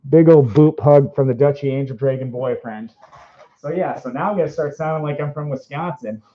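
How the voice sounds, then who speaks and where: A man's voice: a little high, brisk. Rambling bubbly man with a Minnesota accent. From Minnesota, USA. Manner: rambling, bubbly, laughs often. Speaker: livestream interviewer and host. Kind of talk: casual livestream chat. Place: indoors, speaking from inside a fursuit. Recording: roomy, dull lo-fi stream audio.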